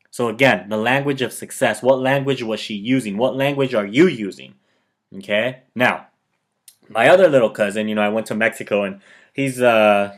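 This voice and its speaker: A man speaks straight to his viewers in a relaxed, conversational motivational talk. His voice sits at an ordinary middle pitch, and he tells short personal stories, keeps checking in with a quick "okay?", and quotes what people said to him. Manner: chatty storyteller who quotes himself and others. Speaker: motivational video host.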